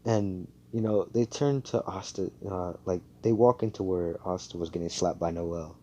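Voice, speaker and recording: Young man, deep, relaxed voice, rambling profane storyteller on a chat mic. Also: normal speed, highs cut off. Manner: rambling, profane, full of "like" and "you know". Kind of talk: casual fan-fiction storytelling.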